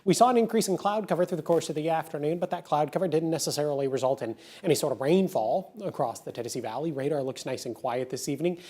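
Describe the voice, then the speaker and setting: A man's voice: fairly high pitch, quick pace, hardly any pauses, mellow. A man presenting the TV weather forecast in a chatty, upbeat way. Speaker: meteorologist.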